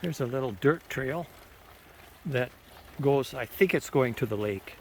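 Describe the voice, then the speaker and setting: A man with a Minnesotan accent talks in an easygoing, chatty way while riding a trike outdoors, pointing out sights along the trail. His voice sits at a middle pitch, picked up by a camera on the trike, with faint insect and outdoor ambience behind him. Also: animated, unhurried, darkish tone, a little hiss or hum. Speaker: trike touring vlogger. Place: outdoors on park bike trails.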